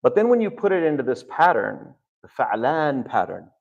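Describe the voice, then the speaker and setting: A man's voice: mid-range voice, sing-song, moderate pace, vocal fry, narrow, tinny audio. A man lecturing a seminar class on Arabic and scripture, quizzing his listeners with questions as he goes. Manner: engaging, quizzes the audience with questions.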